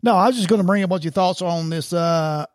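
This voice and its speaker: A man's voice: high voice, quick pace, dry recording, clean studio sound. An older man, a former police officer who rambles through stories with stammering restarts and blunt remarks. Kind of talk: casual chat.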